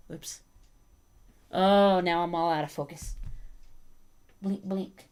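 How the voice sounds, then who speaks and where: A woman's voice: fairly low pitch, slow pace, long pauses. A woman hosting a casual livestream, chatting with viewers and breaking off to talk to her dogs. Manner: chatty, talks to her dogs and chat between thoughts. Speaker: livestream host.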